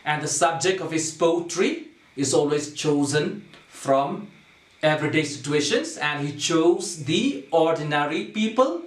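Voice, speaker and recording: A man's voice: a little high, animated, measured pace. A male teacher giving a lesson, who asks the class questions, answers them himself and keeps adding "right?" and "okay?". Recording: echoey room, far from the mic.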